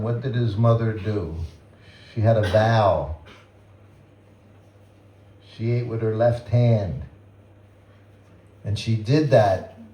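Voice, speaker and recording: An older man giving a temple talk, reminiscing in a gentle, chuckling storytelling way. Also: on the low side, far from the mic, muffled recording, slight background noise. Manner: gentle, chuckling anecdotal delivery. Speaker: guest speaker at a temple. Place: temple hall. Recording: roomy temple hall with faint ambience.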